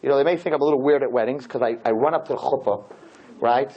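A man teaching a class as a rabbi, telling stories in an animated, joking way and acting out the scenes. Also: mid-range voice, quick pace. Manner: animated, jokey, acts out scenes. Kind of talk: lively storytelling lesson. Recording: dull lo-fi with faint noise.

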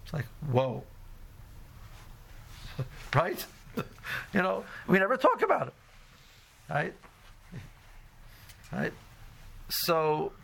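A man's voice: high-pitched, vocal fry, fairly bright tone. A middle-aged man teaching a casual Torah class, rambling with many fillers and restarts and mixing in Hebrew phrases. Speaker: yeshiva teacher.

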